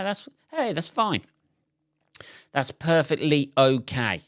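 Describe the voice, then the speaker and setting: A man's voice: mid-range voice, a bit bright, no echo. Bloke ranting on his podcast, swears a lot, dry close mic. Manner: sweary, exasperated storytelling. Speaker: podcast host. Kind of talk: solo comedic rant.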